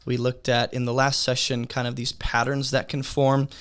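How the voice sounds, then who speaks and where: A man teaching a beginner's Bible study lesson in a relaxed, conversational way, asking his listeners rhetorical questions. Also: medium pitch, normal speed, clean tone.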